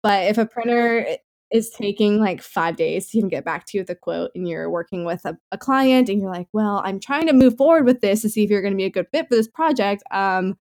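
A woman co-hosting a podcast in casual, easygoing chat. She rambles in an upbeat way and leans on fillers as she talks. Her pitch sits in an ordinary middle range. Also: fairly quick, darkish tone. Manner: chatty, filler-heavy, upbeat. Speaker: podcast co-host.

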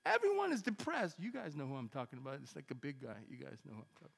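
A man preaching a sermon as a pastor, telling a story in an animated way and acting out the dialogue with emphatic bursts. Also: medium pitch, rapid-fire, vocal fry, husky, long reverb tail. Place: church sanctuary.

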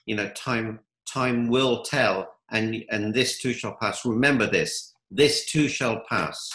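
Bright-voiced motivational man. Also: fairly low pitch, takes it slowly, roomy sound, low-quality recording. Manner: upbeat, motivational, tells stories. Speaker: guest, coach. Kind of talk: interview answers.

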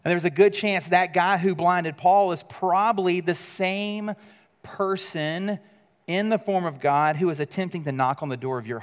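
Male pastor, earnest conversational sermon delivery, slightly raised pitch, reverberant hall sound. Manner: earnest, conversational preaching with sudden drops to quiet emphasis.

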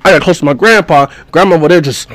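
A young man in casual podcast talk, telling a story with lively sound effects and a voice that climbs when he gets excited. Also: fairly high pitch, quick pace. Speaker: podcast host.

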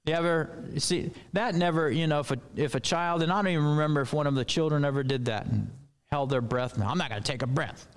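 A man's voice: fairly high pitch, brisk, clear, resonant tone. A man preaching a sermon in a loose, conversational way with rambling asides.

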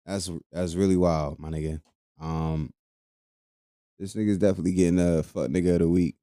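A man's voice: deep voice, fairly even intonation, moderate pace, warm tone, no room sound, studio quality. A young man hosting a casual podcast, talking loosely with lots of profanity and laughing between lines. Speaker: podcast host. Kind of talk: casual solo podcast commentary.

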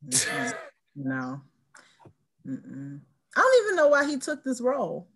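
A woman's voice: low-pitched, wildly swooping pitch, slow, slightly rough. A woman co-hosting a casual movie podcast, agreeable, laughing, giving short replies. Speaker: podcast co-host.

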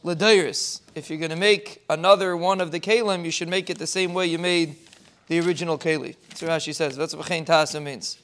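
Man w/ doing a torah thought, high smooth voice, talks it through. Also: steady tone, a bit bright. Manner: explains step by step, ends in a fast rising string of blessings. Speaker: rabbi giving a short Torah thought. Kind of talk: informal Torah talk.

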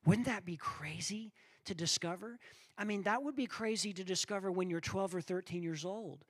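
A man preaching a sermon, telling stories with animated quoted voices and asking the crowd if they're with him. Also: high-pitched, normal speed, no echo. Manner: animated storytelling, acting out quoted voices, asks the crowd for responses.

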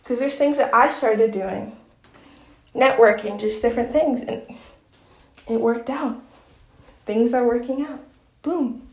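A woman's voice: on the high side, measured pace, long pauses, a little mellow, roomy sound. A woman with a Southern accent hosting her own podcast, chatting in an effusive, filler-heavy way and reading aloud from her book. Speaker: podcast host.

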